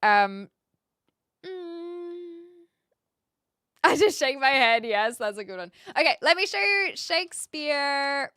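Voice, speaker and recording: A woman's voice: high-pitched, big pitch swings, takes it slowly, long pauses, bright, forceful tone, no room sound, studio quality. A woman hosting a livestream, chatting casually with viewers in a rambling way, full of fillers and little laughs. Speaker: livestream host.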